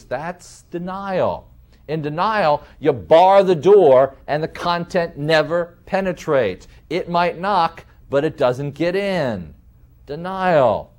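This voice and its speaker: A man lecturing in a deliberate way, slowing down to stress key terms and explaining with vivid everyday examples. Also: a little high, darkish tone.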